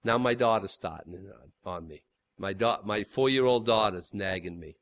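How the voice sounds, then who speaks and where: A man's voice: lowish voice, moderate pace, fairly bright tone, no room sound, pitched below the performer's own voice, close to an everyday voice. A man doing a worn-out henpecked husband. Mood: complaining. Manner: weary, drained complaining. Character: exasperated henpecked husband, weary and complaining.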